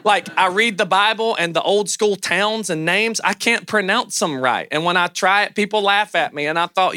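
A man with a Southern American accent preaching a sermon as a pastor, loud, animated and self-deprecating. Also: high voice, moderate pace, hardly any pauses, no echo, clean studio sound.

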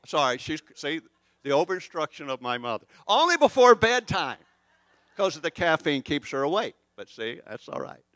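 A man's voice: mid-range voice, a bit bright, dry recording. Older male pastor, rambling and chatty. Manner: rambling, chatty and self-deprecating. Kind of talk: conversational sermon with stories.

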